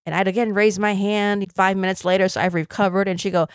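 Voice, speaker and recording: A woman's voice: mid-range voice, flat delivery, fast, hardly any pauses, clear, resonant tone, dry recording, clean studio sound. A woman in her fifties, from Taiwan, hosting a podcast and telling an earnest, reflective personal story with light laughs. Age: 50s. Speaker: podcast host.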